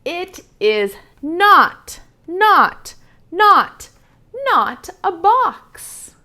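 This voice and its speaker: A woman voicing a small, stubborn male bunny who insists on every word, slow and emphatic. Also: very high-pitched, huge pitch swings, sharp tone, pitched above the performer's own voice, exaggerated voice. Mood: insistent.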